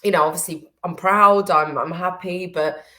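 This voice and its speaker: A woman, a business-owner guest on a podcast, with a fairly low voice. She is tearful and hesitant, filling pauses with "um" and "you know" as she talks. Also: fairly even intonation, sharp tone. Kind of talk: casual conversation.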